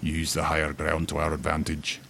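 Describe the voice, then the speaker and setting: A man voicing an old male dwarf lawkeeper with a deep voice, steady and commanding. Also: moderate pace, gravelly, a little hiss or hum, heavily acted. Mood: grave.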